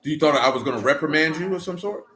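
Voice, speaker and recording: Leading an interactive classroom Bible study, a teacher uses a conversational, call-and-response style with teasing asides. He talks very fast in a fairly high, expressive, bright voice, with a little hiss or hum on the recording.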